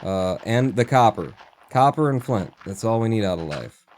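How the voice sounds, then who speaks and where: A man's voice: lowish voice, lively intonation, moderate pace, darkish tone, slight background noise. A man streaming a video game, chatting casually and muttering to himself as he plays, with the odd swear word. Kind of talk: casual gameplay commentary.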